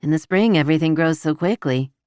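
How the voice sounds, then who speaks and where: A woman's voice: low voice, fairly quick, smooth, no room sound, close to an everyday voice. Brief: narrator doing a playful, affectionate young woman, lilting, close dry recording. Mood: cheerful. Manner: bright, lilting, cheerful.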